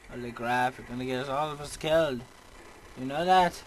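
A man's voice: mid-range voice, a little fast, slight background noise, rough recording. A young man commenting on a shooter game as he plays, muttering and bursting out in frustration. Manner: excitable, frustrated muttering and outbursts. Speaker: gamer. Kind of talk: let's play commentary.

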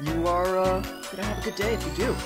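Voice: medium pitch, fast, over music. A let's play host chatting casually and joking while playing a horror game. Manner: animated, jokey, chatty.

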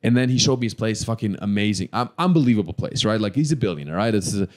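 A man tells a story at a rapid clip. His delivery is rambling and full of fillers and swearing. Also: lowish voice, lively intonation. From Germany. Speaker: podcast guest. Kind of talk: casual storytelling.

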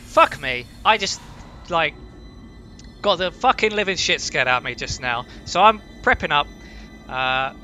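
A man hosting a casual let's-play from home, excitable, jumpy and heavily profane. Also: on the high side, a little slow, long pauses, soft background music. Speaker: gaming channel host.

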